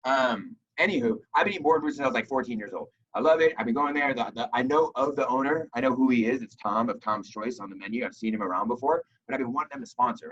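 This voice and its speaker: Young man, rapid delivery, motivational sales talk, animated storytelling, dull lo-fi sound. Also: mid-range voice, slightly rough. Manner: energetic storytelling with reenacted dialogue. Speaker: motivational speaker to sales reps.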